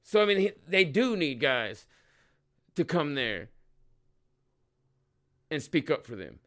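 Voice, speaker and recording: A man's voice: on the high side, big pitch swings, takes it slowly, fairly bright tone. A male podcast host giving heated, rambling, profanity-laden casual commentary.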